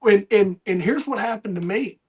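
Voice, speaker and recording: Male podcast host, high husky voice, animated storyteller. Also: normal speed. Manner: animated storyteller, acts out quoted people. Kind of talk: casual conversation.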